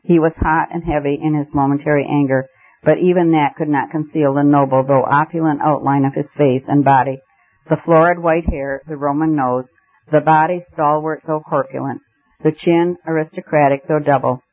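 A man reading a classic novel aloud as narrator, in a steady storytelling manner. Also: fairly high pitch, moderate pace. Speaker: audiobook narrator. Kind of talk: scripted narration. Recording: muffled lo-fi recording.

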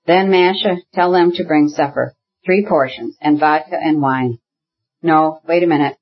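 A man's voice: fairly high pitch, moderate pace, muffled recording. A man reading a gaunt, irritable brother. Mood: defiant. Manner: angry, jerky, abrupt. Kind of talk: audiobook character reading.

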